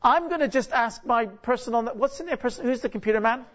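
This is a fast-talking guest preacher whose very high voice has a fairly bright tone. Joking and conversational, he stops often to pose rhetorical questions to the congregation, and his speech is full of restarts and repeated words. The audio is dull and lo-fi.

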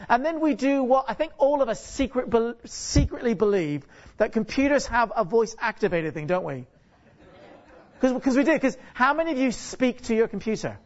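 A guest preacher, a man with a very high-pitched, expressive voice at normal speed, jokes and chats his way through a sermon from a church stage. He frequently stops to ask the congregation rhetorical questions, restarts sentences and repeats words. It's a dull lo-fi recording.

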